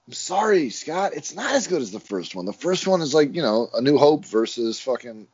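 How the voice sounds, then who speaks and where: A man co-hosting a casual movie podcast, talking in an animated, rambling way with frequent swearing. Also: on the high side, normal speed, breathy edge, highs cut off. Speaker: podcast co-host. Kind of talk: casual chat.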